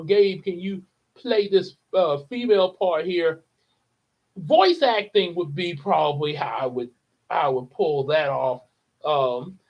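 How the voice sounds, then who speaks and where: A man hosting a channel update, chatting casually and rambling with lots of fillers. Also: high-pitched. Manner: rambling, many fillers and laughs. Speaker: channel host and actor. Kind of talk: casual chat. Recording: dull lo-fi sound.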